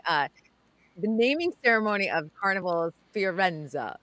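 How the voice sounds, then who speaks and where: Brief: young woman co-host, casual, emotional, laughs easily, mid pitch. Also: expressive, moderate pace, bright, forceful tone. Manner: emotional, laughing often, trailing off. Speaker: entertainment news co-host. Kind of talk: casual chat.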